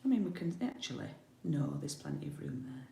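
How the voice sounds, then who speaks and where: A woman's voice: sits low, animated, a little fast, gravelly, mellow, slight background noise. A woman from the UK demonstrating card making in a chatty live tutorial, thinking aloud as she works. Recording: roomy home recording.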